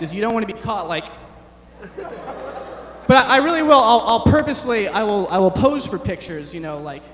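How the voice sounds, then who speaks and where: A young man performing a rambling, self-deprecating stand-up set, halting often with fillers. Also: sits high, a bit bright, roomy sound, big-room sound, a little hiss or hum. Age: young adult. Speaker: stand-up comedian. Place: large chapel hall on stage.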